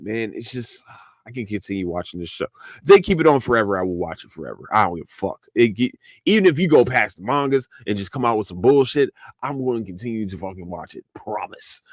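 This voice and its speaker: A man hosting a casual podcast, rambling excitedly about an anime he loves, swearing freely and tripping over repeated words. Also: mid-range voice, dry recording, clean studio sound. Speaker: podcast host. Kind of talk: casual solo anime review.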